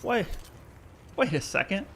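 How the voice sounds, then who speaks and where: A man hosting a casual gaming livestream, talking excitedly, laughing at himself, and rambling through his reactions. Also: high voice, a little slow, creaky, slight background noise. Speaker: livestream host.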